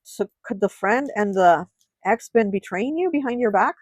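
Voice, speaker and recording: A woman giving a pick-a-card tarot reading, musing aloud with frequent surprised exclamations and often sinking to a soft murmur. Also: mid-range voice, animated, normal speed, no echo, rough recording. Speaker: tarot reader.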